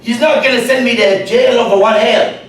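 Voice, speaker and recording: A man's voice: very high voice, fairly even intonation, a little fast, fairly bright tone, slight background noise, pitched above the performer's own voice. A man putting on an Irish accent to play a jovial pub-goer in a joke, in an echoey room from far off. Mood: cheerful. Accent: put-on Irish. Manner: hammy joke-telling.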